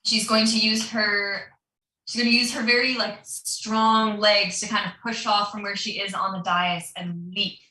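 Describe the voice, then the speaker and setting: A woman's voice: mid-range voice, flat delivery, a little slow, pushed and bright, roomy sound, distant mic, low-quality recording. A woman running a tabletop game as dungeon master, narrating the action loosely with plenty of fillers.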